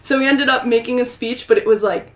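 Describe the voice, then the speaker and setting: A woman's voice: on the high side, brisk, distant mic, very noisy. A young woman in her twenties, a guest on a podcast, telling a story in a bubbly, giggly way full of "like" and "oh my God". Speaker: guest singer-songwriter. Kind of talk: casual storytelling in an interview. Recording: roomy echo.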